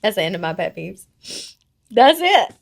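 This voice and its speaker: A woman's voice: mid-range voice, big pitch swings, moderate pace, creaky. Brash, teasing woman podcast co-host. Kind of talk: casual chat.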